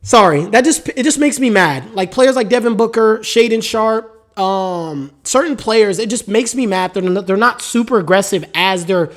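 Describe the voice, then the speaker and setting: A man's voice: sits high, moderate pace, hardly any pauses. A man hosting a solo sports podcast, talking casually with strong opinions and a rambling, repetitive way of speaking, while he has the hiccups. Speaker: podcast host.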